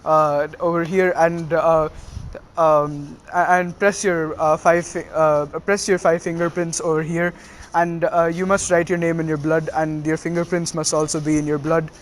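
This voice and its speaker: A man playing an older male mentor who is cagey but eager. His lines stumble and fill up with uh sounds. The voice sits somewhat high. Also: little pitch movement, normal speed, a little hiss or hum, lightly acted. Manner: stumbling, filler-heavy delivery.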